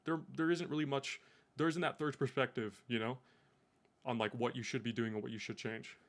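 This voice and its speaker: A young man talks shop with a coworker at a middling pitch, swearing freely and hammering his points home with blunt examples. His talk is loose and conversational, full of restarts. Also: fairly even intonation, a little fast. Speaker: sales rep. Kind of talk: casual chat.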